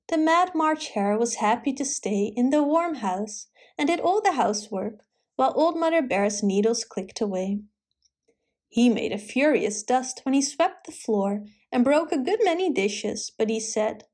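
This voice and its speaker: A woman reading a children's Christmas story aloud in a gentle, rhythmic way. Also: fairly high pitch, lively intonation, unhurried.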